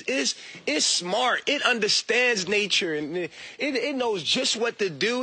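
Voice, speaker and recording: Bright, husky-voiced man ranting casually. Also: extremely high pitch, dry recording. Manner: profane, animated, mocking, laughs at himself. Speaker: online talker. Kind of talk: casual rant.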